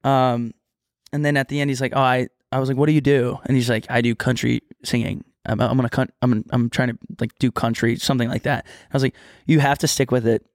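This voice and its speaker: A young man co-hosting a podcast rambles through a casual story, with "like" in every other phrase. His voice sits at an ordinary middle pitch. The sound is close and dry, with no room around it. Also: flat delivery, a little fast, no echo. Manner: rambling storyteller, heavy use of "like". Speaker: podcast co-host. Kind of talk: casual chat.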